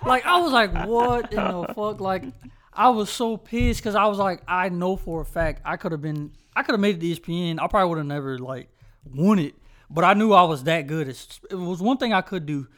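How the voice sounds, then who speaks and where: A young man from North Carolina co-hosting a casual podcast chat, telling animated, slangy stories and acting out voices. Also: sits high, brisk. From Charlotte, North Carolina. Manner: slangy, profane. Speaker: podcast co-host.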